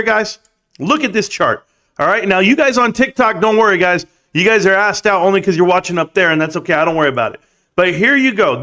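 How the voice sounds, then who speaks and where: A man's voice: high-pitched, fairly bright tone. A man hosting a late-night stock-market livestream, talking in a hyped, rambling, motivational way. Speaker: livestream host.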